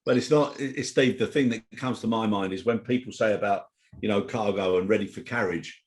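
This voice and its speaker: A middle-aged man in casual conversation, chatty and fond of a story. His voice sits fairly low. He reads out news items and trails into anecdotes. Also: a little fast. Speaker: co-host of a weekly chat show. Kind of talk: casual chat.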